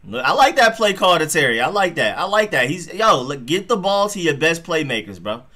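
A man hosting a live football reaction stream, talking straight to his chat in an excitable, slangy way. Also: fairly high pitch, fairly quick.

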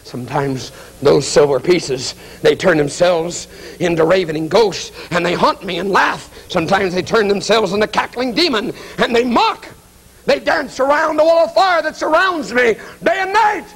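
A man voicing a guilt-ridden traitor tormented in hell, swinging from hushed confession to anguished shouting. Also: high-pitched, normal speed, gravelly, husky, heavily acted. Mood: frantic torment.

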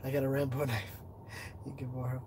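A congested man on a casual livestream, reading viewer comments aloud, answering them and telling a story with growing excitement. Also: brisk, noisy background. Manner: animated storytelling, rising in pitch when excited. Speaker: livestreaming explorer.

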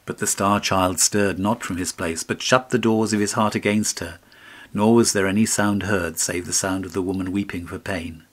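A man with a fairly low voice narrating a fairy tale in a measured, steady manner. Scripted audiobook reading with a clear storytelling pace.

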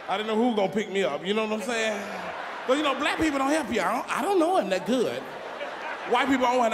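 A man doing stand-up comedy on a big theater stage, talking loudly and often shouting his punchlines. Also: very high-pitched, sing-song, quick pace. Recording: live theater show, loud crowd and noise.

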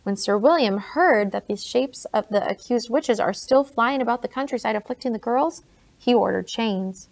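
A woman reading an audiobook, voicing a blunt, grave older colonial gentleman in her own plain voice. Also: a little high, moderate pace, creaky.

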